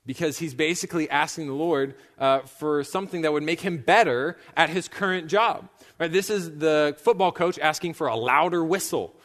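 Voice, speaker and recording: Male pastor, slightly high voice, relaxed storytelling sermon, church hall reverb. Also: moderate pace, hardly any pauses. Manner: casual storytelling, acting out quoted characters. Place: church sanctuary.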